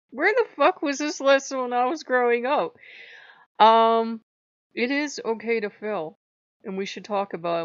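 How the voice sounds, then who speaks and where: Just after crying, a woman with a mid-range voice hosts her own casual vlog, confessing her feelings openly, cursing freely and laughing along the way. It's captured on a dull, muffled, dry homemade mic with no echo.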